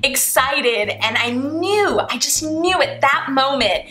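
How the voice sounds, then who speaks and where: A young adult woman, a flight attendant vlogger, telling a personal story to camera in an animated way, acting out the dialogue. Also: high voice, slow pace. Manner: animated, acts out quoted dialogue. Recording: roomy echo, faint music behind.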